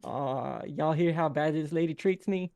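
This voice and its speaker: A man's voice: on the high side, a little slow, vocal fry, darkish tone, smooth, voice pushed up. A man voicing a jovial male werewolf band frontman with a Southern drawl and folksy, teasing stage banter.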